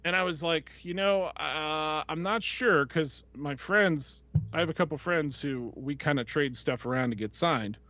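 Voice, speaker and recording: Higher-voiced man telling a rambling story. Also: a little slow, pushed and bright, dry recording. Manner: rambling, with many fillers and quoted voices. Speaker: podcast host. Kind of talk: casual storytelling chat. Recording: dull lo-fi, dry sound.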